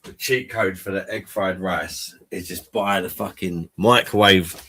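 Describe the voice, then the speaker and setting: A man's voice: sits low, steady tone, unhurried, sharp tone, slight background noise. A man hosting a casual online pub chat, rambling and swearing cheerfully about food. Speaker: livestream pub chat host. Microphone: streaming call mic.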